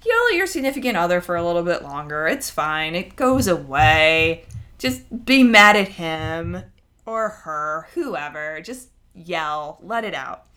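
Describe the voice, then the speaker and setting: A woman co-hosting a casual podcast, chatty and animated, who acts out quoted voices as she talks. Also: fairly low pitch, a little slow. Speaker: podcast co-host.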